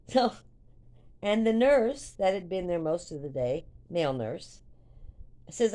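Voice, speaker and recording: Older woman, vlogger, chatty, rambling, slightly low-pitched, casual storytelling. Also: unhurried. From United States. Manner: chatty, rambling, animated when retelling.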